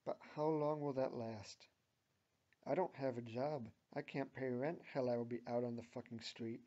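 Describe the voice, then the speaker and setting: A man's voice: medium pitch, dark tone, natural voice. A man reading the lines of an abrasive, cynical young woman who swears and grumbles, on a dull lo-fi recording.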